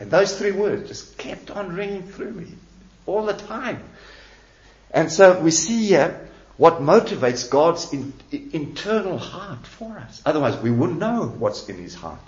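A man preaching a sermon in an emphatic, lively voice that climbs and dips as he leans on key words. His voice sits a little high for a man. The recording is roomy and dull, as if captured from a church hall. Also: measured pace. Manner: emphatic preaching, repeats key words, rising and falling delivery. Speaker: pastor.

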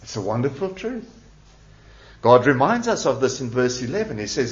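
A man's voice: medium pitch, very animated, normal speed. A man preaching a sermon as pastor, emphatic and repeating key words with rising and falling delivery. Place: church. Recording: echoey church hall, dull lo-fi sound.

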